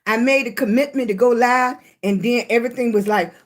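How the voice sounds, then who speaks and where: A woman chatting casually on a live stream from her phone, greeting viewers, slightly congested after a hospital stay. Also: on the high side. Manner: chatty, greets viewers, drawn-out emphatic talk. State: recovering from illness, congested.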